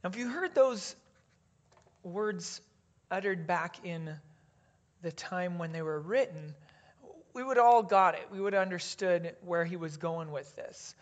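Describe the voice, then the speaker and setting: A pastor preaching a sermon in a deliberate way, dropping to a hush on key phrases and leading the congregation in reading aloud. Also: medium pitch, expressive.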